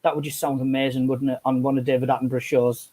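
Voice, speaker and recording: A man's voice: medium pitch, monotone, fast, dark tone. A man, chatting and telling sweary stories as co-host of a live stream on an earphone mic. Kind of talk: casual chat.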